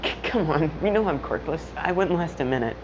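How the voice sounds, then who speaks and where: Casting: woman reading a soft, unsure teen boy hero, lowish voice, muffled lo-fi recording with home noise behind. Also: lively intonation, a little fast. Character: timid quirkless teenage boy hero. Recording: muffled lo-fi audio with household noise.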